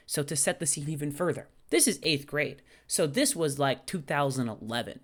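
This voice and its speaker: Animated self-mocking young man. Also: a little high, normal speed, hardly any pauses. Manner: animated, self-deprecating, swears often, acts out quoted voices. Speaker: booktuber telling a story. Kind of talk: casual storytelling vlog.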